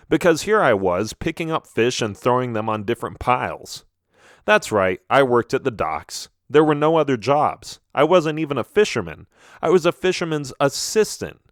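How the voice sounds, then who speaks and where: A man narrating a children's storybook in the first person, with an animated, expressive reading. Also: mid-range voice, no room sound, studio quality. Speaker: audiobook narrator.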